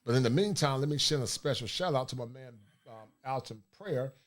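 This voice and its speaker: A blunt man hosts a casual livestream and talks in a streetwise, preachy way. His voice sits at an ordinary middle pitch. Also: lively intonation, a little fast. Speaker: livestream host.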